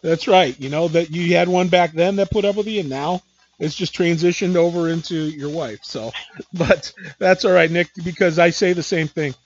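A man hosting a podcast, talking in a loose, rambling way with many fillers and asides. His voice sits a little high. The recording is dull and lo-fi, with a faint hiss underneath. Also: moderate pace. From Midwest United States. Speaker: podcast host. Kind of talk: casual interview chat.

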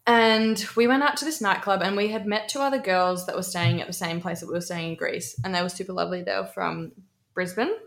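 Young aussie woman, animated story chat, swears a lot, echoey room. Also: medium pitch, brisk. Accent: Australian. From Australia. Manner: animated, swears freely, acts out quoted voices. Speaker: podcast co-host.

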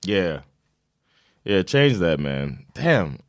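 A man co-hosting a casual sports chat, animated and profane, quick to joke and swear. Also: low-pitched, no room sound, clean studio sound. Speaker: podcast co-host.

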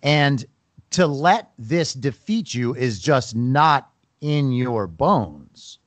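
A man's voice: medium pitch, sing-song, extremely slow, dry recording. A man hosting an interview, earnest and sympathetic, turning indignant at what he hears. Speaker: podcast host. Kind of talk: conversational interview.

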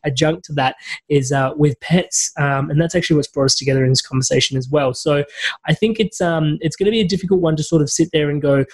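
Brief: male podcast host, higher voice, loose filler-filled questions, dry close sound. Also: fast talker, slightly rough, no room sound, poor audio. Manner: rambling, filler-heavy, friendly. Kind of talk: casual interview chat.

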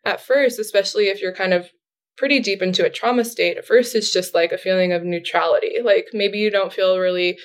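A woman's voice: mid-range voice, steady tone, brisk. A woman speaking as a therapist guest in a casual interview, explaining things in a chatty way with frequent fillers and light laughs.

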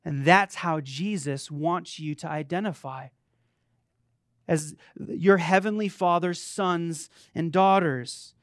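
A man's voice: fairly high pitch, slow, dry recording, studio quality. A man preaching a sermon to his church, emphatic and calling out to the congregation. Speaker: pastor. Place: church sanctuary.

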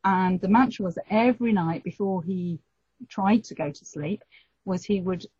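Husky woman, mellow dark voice, animated storytelling, dull lo-fi recording. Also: mid-range voice, moderate pace, dry recording. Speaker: guest telling her story. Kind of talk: personal storytelling in an interview.

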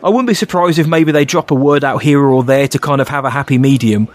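Male co-host, casual rambling chat, mid voice, self-deprecating, quick to laugh. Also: medium pitch. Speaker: podcast co-host.

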